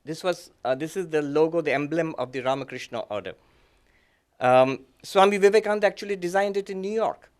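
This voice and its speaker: Monk guy giving a talk, gentle, lots of ums and little laughs, voice sits a bit high. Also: fairly quick. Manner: gentle, with frequent fillers and soft laughs. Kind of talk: reflective lecture with personal story.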